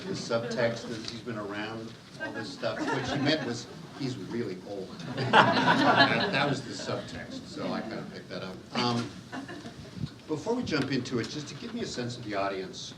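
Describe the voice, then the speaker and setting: A man's voice: medium pitch, very animated, normal speed, a loud crowd. A man moderating a panel at a university forum in front of an audience, introducing speakers in a loose, teasing, chatty way. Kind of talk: joking conversational panel introduction. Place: university event room with audience.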